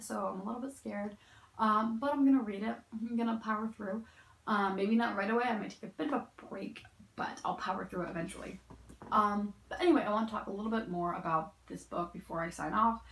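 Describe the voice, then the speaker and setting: Young woman, tired and gravelly, rambling opinionated book-review chat in a roomy, echoing room. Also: medium pitch, fairly bright tone. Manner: rambling and opinionated, heavy use of "like" and "um". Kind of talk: casual spoken book review. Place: indoor room, sitting in a chair. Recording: echoey room.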